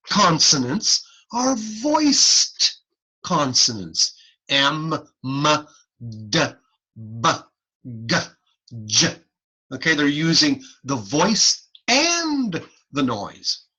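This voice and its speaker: A middle-aged man teaching over a video call, his pitch leaping up and down as he drills each point. He talks slowly and deliberately, with a bright yet slightly husky tone. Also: rough recording. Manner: animated, playful teaching with repeated "guess what" and sound demonstrations. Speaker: hearing-instrument instructor. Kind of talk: online lecture.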